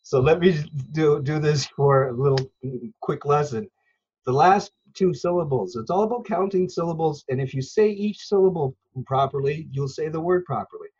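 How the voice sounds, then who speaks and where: A man's voice: fairly high pitch, normal speed, darkish tone, breathy edge. Patient, teacherly man on dull audio. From Newfoundland, Canada. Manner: patient, teacherly, hesitant fillers. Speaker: interview guest, language learner. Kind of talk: earnest conversational explanation.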